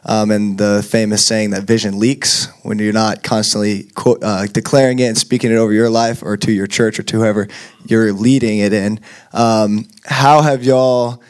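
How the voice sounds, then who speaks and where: A man's voice: fairly low pitch, steady tone, normal speed, a little mellow. A man moderating a church panel, asking long and earnest questions. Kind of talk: panel discussion at a church conference.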